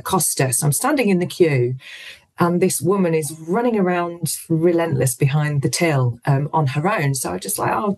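A woman who is a guest on a radio show, telling a story with lively energy. She moves between her own narration and the lines people said, with some hesitations along the way. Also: deep voice, husky, low-quality recording. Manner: lively anecdotal storytelling, acts out quoted voices. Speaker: guest, businesswoman and author. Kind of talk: storytelling in an interview.

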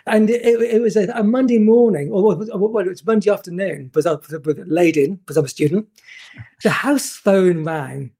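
A man in his fifties recounts a career story with animated energy, tripping over repeated words as he goes. His voice is mellow and slightly husky. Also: sits high, normal speed. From England. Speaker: guest photographer. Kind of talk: anecdotal storytelling.

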